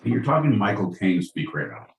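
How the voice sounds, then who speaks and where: A man's voice: lowish voice, very animated, moderate pace, echoey room, rough recording. A man co-hosting a podcast in casual banter, joking and swearing as he riffs. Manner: profane, joking, riffing. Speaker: podcast co-host.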